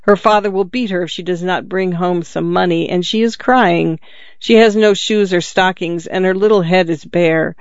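A man voicing a gentle, sorrowful statue prince who pleads tenderly in a storybook reading. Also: sits high, fairly even intonation, moderate pace, clean tone, no echo. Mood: pleading. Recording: dull lo-fi, dry.

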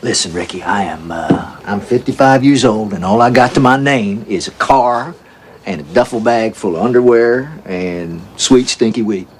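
An actor in his fifties playing a scruffy, stoner deadbeat father, talking in a rambling drawl full of hesitant fillers and gruff bravado. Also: fairly low pitch, normal speed, slight background noise, close to an everyday voice. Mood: pleading. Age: 50s. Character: scruffy stoner deadbeat dad, brash and wheedling. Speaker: estranged father.

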